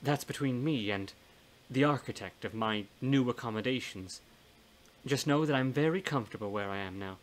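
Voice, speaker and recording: A man's voice: mid-range voice, moderate pace, lightly acted. A man voicing a blunt, folksy older woman's ghost in a storybook reading, with a plain-spoken, scolding manner. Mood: warm.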